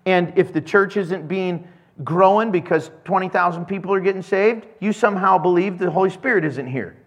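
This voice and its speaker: A man preaching a casual, conversational sermon as pastor, acting out little scenes with quick voices. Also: high voice, animated, a bit bright.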